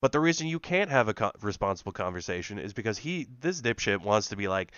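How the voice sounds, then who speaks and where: A man co-hosting a podcast talks in a lively, sarcastic, profane way and laughs often. His low voice is bright and smooth. The sound is dry and a little dull. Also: a little fast, hardly any pauses, no room sound. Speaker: podcast co-host. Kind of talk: casual reaction chat.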